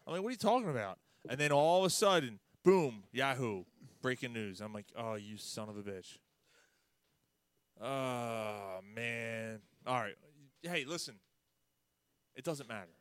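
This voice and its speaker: A man's voice: mid-range voice, a little slow, clean tone, no room sound. A man hosting a casual sports podcast, swearing and rambling in exasperation. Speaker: podcast host.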